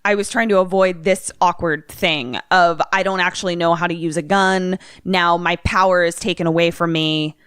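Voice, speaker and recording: A woman's voice: on the low side, normal speed, hardly any pauses, clean tone, no echo, clean studio sound. A young woman co-hosting a podcast, chatting casually and swearing freely as she reacts to a movie recap. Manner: expressive, swears often, swings between musing and shocked outbursts. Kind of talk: casual chat.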